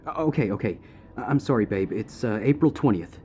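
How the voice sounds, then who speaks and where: A man's voice: medium pitch, expressive, a little fast, warm tone, slight background noise, close to an everyday voice. A man voicing a fake pleading boyfriend. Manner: pleading, then threatening. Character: monster faking a pleading boyfriend stallion.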